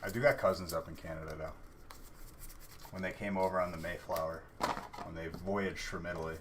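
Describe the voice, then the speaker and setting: A man's voice: low voice, steady tone, fairly quick, background noise. A man hosting a live card-opening stream, chatting casually and teasing his viewers. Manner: joking, teasing chat viewers. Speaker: livestream card breaker.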